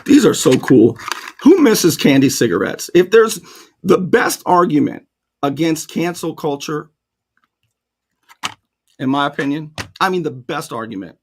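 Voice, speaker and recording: Sarcastic gravelly talk show host man. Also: fairly high pitch, slow, long pauses. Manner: sarcastic, animated, mocking voices. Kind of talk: opinionated commentary.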